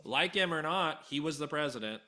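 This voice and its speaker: A man with a bright, forceful voice co-hosting a casual podcast. He rambles through his points and keeps checking in with his partner as he goes. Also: on the high side, lively intonation, brisk. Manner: conversational, rambling, checks in with "right?". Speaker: podcast co-host. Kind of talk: casual unfiltered chat.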